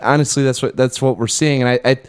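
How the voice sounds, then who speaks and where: Guy on a podcast, rambly, lots of um and you know, smooth clean voice. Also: mid-range voice, fairly even intonation, fast. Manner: rambling, thinks aloud with fillers and restarts; laughs often. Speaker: podcast co-host. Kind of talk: casual chat.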